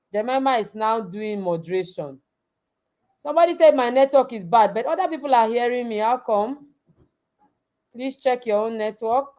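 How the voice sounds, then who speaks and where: Speaking at an online summit for girls, a woman coach delivers forceful motivation, driving home her main points by repeating them. She has a slightly high, gently mellow voice.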